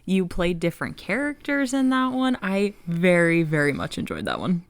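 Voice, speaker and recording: A woman's voice: lowish voice, very animated, normal speed, dry recording. Woman, podcast co-host, casual chat, giggly, dry close sound. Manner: amused, giggly.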